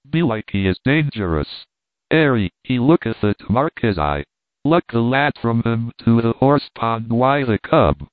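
A man narrating a classic novel in a steady, measured reading. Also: medium pitch, no room sound. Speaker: audiobook narrator. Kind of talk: storybook narration. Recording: dry tinny phone-like sound.

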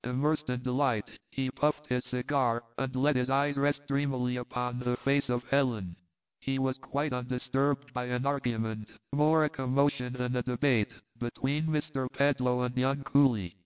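An audiobook narrator with a smooth, medium-pitched voice and fairly even intonation reads a novel at a moderate pace, sometimes reading punctuation aloud. The sound is tinny, like a phone.

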